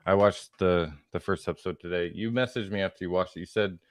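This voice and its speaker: Very deep-voiced teasing man. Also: fast talker, no room sound, clean studio sound. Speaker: podcast co-host. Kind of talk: casual chat.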